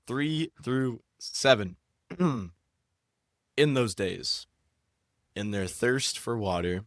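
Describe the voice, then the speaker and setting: A man's voice: medium pitch, very slow, fairly bright tone, no room sound, clean studio sound. A young man co-hosting a casual podcast, hyper and jokey as he rambles and reads scripture. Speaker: podcast co-host.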